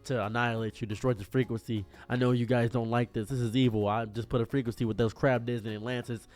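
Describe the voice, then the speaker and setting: A man voicing a gruff middle-aged government man who talks in a low, flat, matter-of-fact way. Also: quick pace, soft background music, lightly acted. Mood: blunt.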